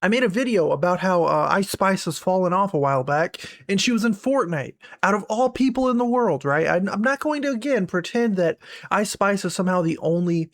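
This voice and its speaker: A man's voice: sits high, expressive, a little fast, dry recording, studio quality. A young man ranting in a sarcastic, mocking commentary voice. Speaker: commentary YouTuber.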